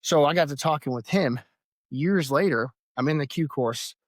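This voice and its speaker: A man who is an Army veteran and a podcast guest, telling lively anecdotes with frequent laughter and acted-out quotes in casual conversation. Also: a little high, normal speed, dry recording, clean studio sound. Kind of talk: casual storytelling.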